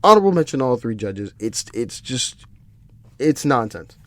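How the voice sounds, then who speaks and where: A man's voice: medium pitch, sing-song, moderate pace, fairly bright tone, dry recording. A man hosting a solo podcast, ranting with exasperation, swearing and often restarting his sentences. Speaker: podcast host. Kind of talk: solo MMA podcast commentary.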